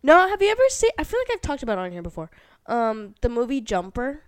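A woman co-hosting a podcast, chatting casually with friends and gasping when excited. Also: fairly high pitch, fast, clear, resonant tone. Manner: excitable, gasps. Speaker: podcast co-host. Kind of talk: casual chat among friends.

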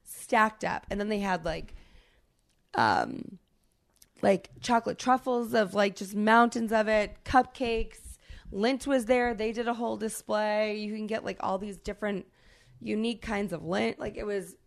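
In an unhurried, gravelly, mid-range voice, a woman recounts a journey as a podcast co-host. She's animated and conversational, cursing freely and leaning on fillers.

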